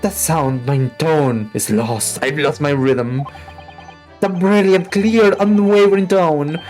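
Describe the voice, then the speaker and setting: A woman voicing a gloomy, dramatic male detective who plays violin, reading game dialogue aloud in a slow, melancholy way. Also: sits low, darkish tone, soft background music. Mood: melodramatic.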